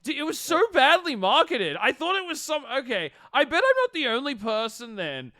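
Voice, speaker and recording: A man hosting a live stream and chatting casually about movies. He rambles and swears freely, with animated reactions. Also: extremely high pitch, normal speed.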